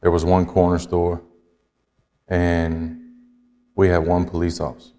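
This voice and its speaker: A man from Georgia, slowly and reflectively telling his life story as an interview guest. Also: low voice, monotone, warm tone, big-room sound, slight background noise. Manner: slow, reflective, halting. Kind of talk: personal testimony in conversation.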